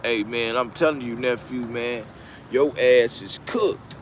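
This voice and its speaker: A man's voice: medium pitch, unhurried, slight background noise. A man hosting a casual live-stream commentary, talking bluntly with heavy profanity and frequent restarts. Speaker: commentary channel host.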